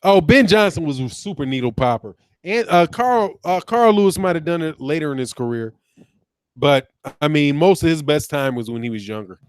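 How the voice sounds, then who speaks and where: High-pitched animated man ranting on livestream. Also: moderate pace, clean tone, dry recording. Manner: animated, laughing, profane, mocking commenters. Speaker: boxing channel host. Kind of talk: casual livestream talk reading chat.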